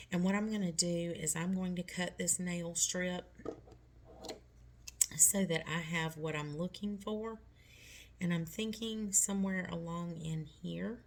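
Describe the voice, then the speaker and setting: Relaxed chatty woman teaching nails. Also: lowish voice. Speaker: nail tutorial host. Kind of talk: casual step-by-step tutorial.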